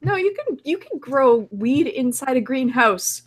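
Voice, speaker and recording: Lively, laughing Canadian woman. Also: high-pitched, a little slow, breathy edge. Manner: laughs often, teasing. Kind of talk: casual group chat.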